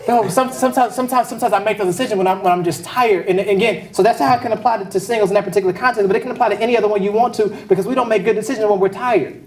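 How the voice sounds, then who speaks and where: A pastor preaches a conversational sermon, talking casually and tossing joking asides to the congregation. His voice is high-pitched and steady, and he races along. The mic picks him up from afar in an echoey hall.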